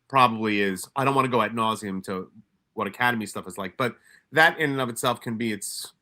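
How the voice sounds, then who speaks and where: A man's voice: mid-range voice, pushed and bright. A man from New York telling stories in a casual, profane way, with many restarts and quoted asides. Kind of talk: casual storytelling.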